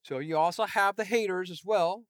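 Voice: medium pitch, moderate pace, dry recording. A pastor delivering an earnest, emphatic sermon.

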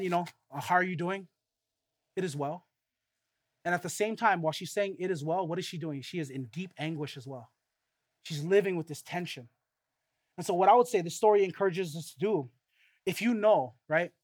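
A man preaching a sermon, earnest and full of rhetorical questions, swinging between loud emphatic stretches and quiet, low passages. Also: brisk. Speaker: pastor.

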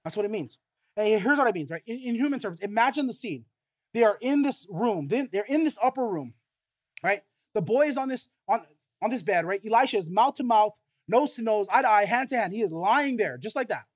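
High-voiced man preaching a sermon. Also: expressive, a little fast. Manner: earnest, rhetorical questions, builds up then drops to quiet. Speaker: pastor.

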